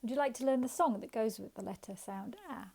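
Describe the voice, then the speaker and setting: A woman teaching a phonics lesson to young children, slow and sing-song, encouraging, sounding out letters and asking questions. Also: a little high, creaky, warm tone, breathy edge.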